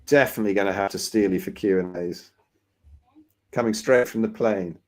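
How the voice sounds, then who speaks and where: A man's voice: on the low side, brisk. A man hosting a casual online Q&A over a video call, full of teasing, jokey banter with his guest. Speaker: host.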